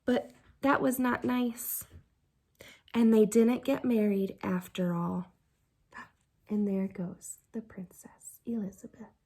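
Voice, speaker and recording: A woman teacher reading a picture book aloud to children, animated, gasping and asking the listener questions. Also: medium pitch, takes it slowly, long pauses. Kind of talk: storytime read-aloud for children.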